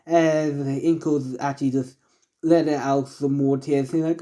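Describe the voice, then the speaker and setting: A man narrating a homemade fan story off the cuff, rambling along with constant fillers and stops to correct himself. His voice is mellow and dark. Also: mid-range voice, steady tone, unhurried. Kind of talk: improvised fan-fiction narration.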